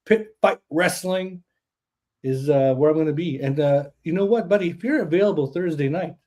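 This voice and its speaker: A man hosting a podcast in an excitable, boastful way, swearing freely. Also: on the high side, moderate pace. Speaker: podcast host. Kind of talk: hyped casual chat.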